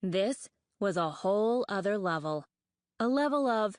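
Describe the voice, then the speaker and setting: Rich: A woman reads an audiobook slowly and deliberately, each phrase given room. Her voice sits in a mid range and is recorded close and dry. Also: medium pitch, no echo. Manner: measured, expressive reading. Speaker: audiobook narrator. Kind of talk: scripted narration.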